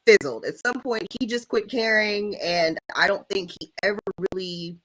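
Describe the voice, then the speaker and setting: A woman's voice: mid-range voice, moderate pace, a bit bright, poor audio. Candid woman in casual sports chat. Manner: candid and emphatic, frequent "like" and "right?", swears casually. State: has the hiccups. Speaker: sports podcast co-host.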